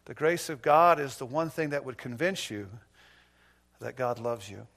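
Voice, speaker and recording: Preaching to his congregation, this male pastor alternates hushed, personal stretches with forceful, emphatic ones, telling anecdotes and poking light fun at himself. He has a medium-pitched, animated voice and keeps a normal pace.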